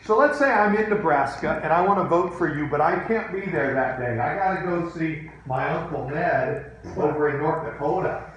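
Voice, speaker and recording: Male teacher, firm and wry, running a class Q&A; slightly high voice in a very echoey classroom. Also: moderate pace, hardly any pauses, a bit bright. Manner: quizzing, firm, dryly teasing. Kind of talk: classroom lesson with questions to students. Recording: echoey room, faint background noise.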